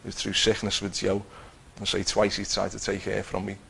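A middle-aged man telling his personal Christian testimony in an earnest, halting way, with many restarts. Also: fairly low pitch, monotone, gravelly, a bit bright, slight background noise, poor audio. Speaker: Christian teacher giving testimony.

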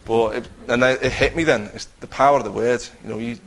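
A man's voice: medium pitch, fairly even intonation, quick pace, a little hiss or hum, poor audio. A man telling a personal faith testimony in a conversational way, acting out what he and others said. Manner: conversational, acts out his own quotes, many restarts.

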